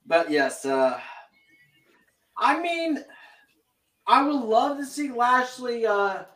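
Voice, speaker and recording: A man on a podcast panel giving his opinion, halting and full of fillers. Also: very high voice, big pitch swings, fairly bright tone. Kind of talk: casual panel chat. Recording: roomy sound from far off the mic.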